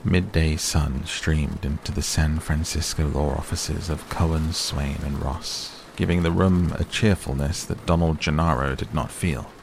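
Low, gravelly male narrator. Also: steady tone, a little slow, hardly any pauses, slight background noise. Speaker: audiobook narrator. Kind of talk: scripted narration.

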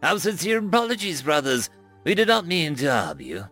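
A man voicing a menacing alien chief hunter with a throaty, croaking voice and cold, formal courtesy. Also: on the high side, wildly swooping pitch, normal speed, sharp tone, soft background music, voice pushed up, full character voice. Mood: coldly polite.

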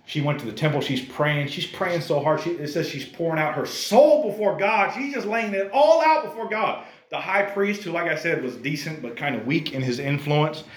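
A man preaching a sermon to a congregation in a conversational, animated way, often calling the listeners "guys". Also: a little high, moderate pace, few pauses, echoey room. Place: church service.

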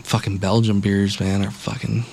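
A man's voice: on the low side, little pitch movement, normal speed, gravelly, a little mellow, slight background noise. Man, casual podcast storyteller, rambling, curses constantly, acts out quotes.

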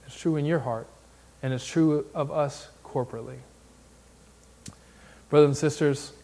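Male preacher, Southern accent, slightly high voice, emphatic sermon delivery. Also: a little mellow. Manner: emphatic, building lists with rising force. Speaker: pastor candidate preaching.

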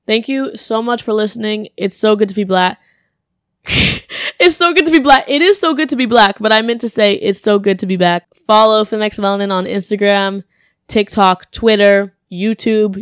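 A young adult woman hosting her podcast, telling a story casually and lively, acting out the people she quotes and laughing often. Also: mid-range voice, clear, resonant tone, dry recording, studio quality. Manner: animated, acts out quoted voices, laughs often. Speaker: podcast host.

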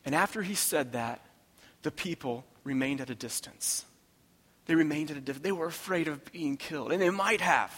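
A man preaching a sermon as pastor, impassioned, swinging from hushed tones to loud emphatic repetition. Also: on the high side, husky. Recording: long reverb of a large hall.

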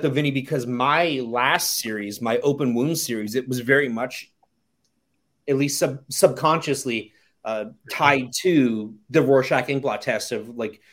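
A man's voice: mid-range voice, normal speed, a bit bright. A man hosting a podcast in casual chat, talking frankly and swearing now and then. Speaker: podcast host.

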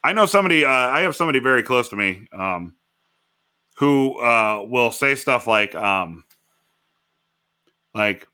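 A man from Illinois, co-hosting a casual podcast chat, talking in an animated way with lots of fillers and frequent laughs. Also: medium pitch, a little slow, pauses often, clean tone. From Wilmington, Illinois, USA. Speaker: podcast co-host. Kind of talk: casual chat about a TV show.

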